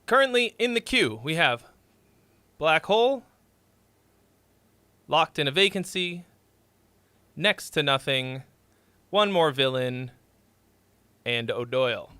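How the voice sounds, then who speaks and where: A man's voice: a little high, animated, slow pace, pauses often, sharp tone, clear, resonant tone, dry recording. A man hosting a livestream where he reviews listeners' songs, talking in a casual, rambling, offhand way. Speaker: music critic streaming live song reviews.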